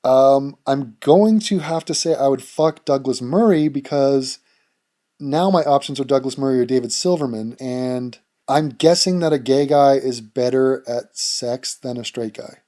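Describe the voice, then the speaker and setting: A man's voice: medium pitch, a little slow, dark tone. A man hosting a casual vlog, answering viewer questions bluntly, with plenty of swearing and jokes. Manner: blunt, profane and joking. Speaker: YouTube channel host answering viewer questions.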